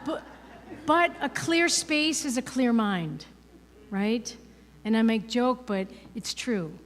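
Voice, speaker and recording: A woman's voice: on the high side, expressive, slow. A woman giving a conversational inspirational talk as a guest speaker at a spiritual ministry, chatty and full of "you know" and "right?". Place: ministry service hall, indoors. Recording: reverberant hall.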